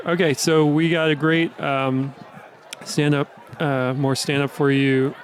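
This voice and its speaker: A man hosting a standup showcase, introducing the next act in a halting, rambling way full of fillers. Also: mid-range voice, a little hiss or hum. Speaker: show host and emcee. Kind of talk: rambling emcee patter. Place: comedy club stage.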